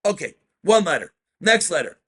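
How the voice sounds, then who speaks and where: A male rabbi leads an in-depth study class on Jewish law. His voice sits fairly high, and he reads Hebrew passages aloud before unpacking them in English. He often cuts in on his students to slow them down. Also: very animated, fairly bright tone, slightly rough.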